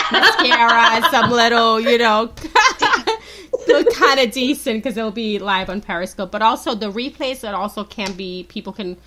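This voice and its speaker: A woman's voice: fairly high pitch, animated, unhurried, noisy background. A woman hosting a podcast, chatting casually and bubbly with lots of fillers. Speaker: podcast host. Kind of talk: casual chat.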